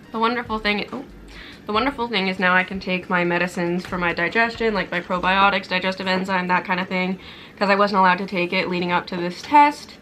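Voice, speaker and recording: Bright-voiced young woman vlogging casually. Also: medium pitch, steady tone, fairly quick, a little hiss or hum, low-quality recording. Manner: chatty and self-deprecating, rambling with fillers and laughs. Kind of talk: casual vlog chat to camera. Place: home kitchen and bedroom.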